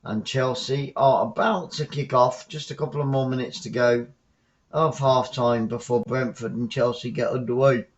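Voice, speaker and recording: A man from the south coast of England with a Southern English accent, giving chatty live football commentary as a fan, shouting on goals. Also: mid-range voice, fairly even intonation, moderate pace, muffled recording.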